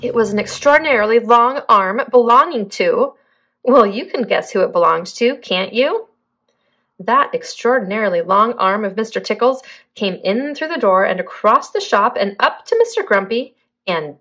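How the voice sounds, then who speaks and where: A woman's voice: mid-range voice, a bit bright, slightly rough. A young adult woman, a preschool teacher, reading a picture book aloud expressively and asking young children questions.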